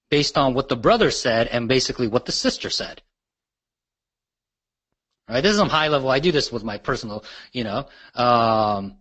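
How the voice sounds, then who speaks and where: A man with a husky, breathy voice teaches real estate agents, talking them through a recorded phone call. He keeps checking in with his listeners, ending almost every point with "right?". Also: medium pitch, a bit bright. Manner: tags nearly every sentence with "right?". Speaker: real estate sales coach. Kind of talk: teaching a webinar.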